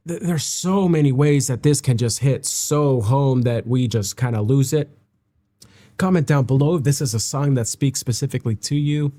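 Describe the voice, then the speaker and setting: A man with a mellow, warm voice at an ordinary middle pitch reflects aloud while reacting to music. He speaks in a halting, heartfelt way, restarting his sentences and sounding close to tears. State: emotional, near tears. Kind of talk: reflective casual reaction commentary.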